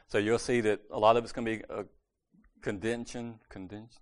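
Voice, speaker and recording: A man's voice: lowish voice, level tone, moderate pace. A man giving a casual, conversational sermon at a church meeting, correcting himself and joking lightly as he goes.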